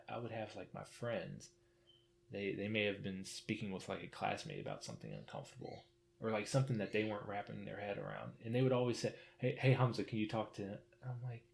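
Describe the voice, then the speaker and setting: Gravelly-voiced man in casual book chat. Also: fairly low pitch, fairly quick, slight background noise. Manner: relaxed, many fillers, stories from own life. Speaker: podcast co-host.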